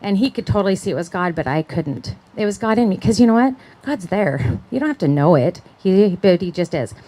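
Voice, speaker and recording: A woman's voice: mid-range voice, animated, a little fast, warm tone, poor audio. A middle-aged woman giving a personal testimony talk, chatty, acting out the voices of people she quotes and often checking in with "right?". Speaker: conference speaker.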